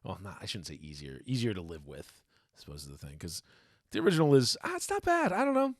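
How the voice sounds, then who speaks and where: Low-voiced man rambling on a podcast. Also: wildly swooping pitch, fast, dry recording, clean studio sound. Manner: rambling, self-correcting. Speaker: podcast co-host. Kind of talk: casual podcast chat.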